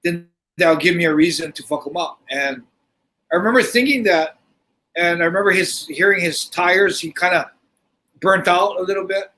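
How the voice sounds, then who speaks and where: A middle-aged man telling a story in casual podcast talk, animated and swearing freely, often restarting his sentences. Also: high voice, normal speed, poor audio. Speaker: podcast host.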